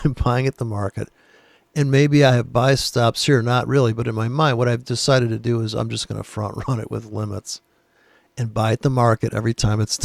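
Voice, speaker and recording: A man's voice: mid-range voice, creaky, dry recording. A man giving casual chart commentary, blunt and profane, rambling with sarcastic asides. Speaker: trading educator.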